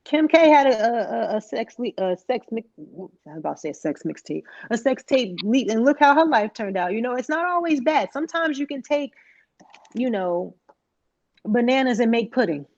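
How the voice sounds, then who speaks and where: A woman's voice: fairly high pitch, expressive, normal speed, a little mellow, no room sound. Slangy, profane woman podcaster, dull dry sound. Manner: slangy, profane, rambling with frequent laughter. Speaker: podcast co-host. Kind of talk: casual chat.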